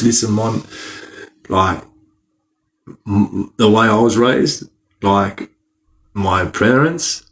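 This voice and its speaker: A young Australian man chatting casually on a live stream, laughing often and talking in heavy slang. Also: fairly low pitch. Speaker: livestreamer.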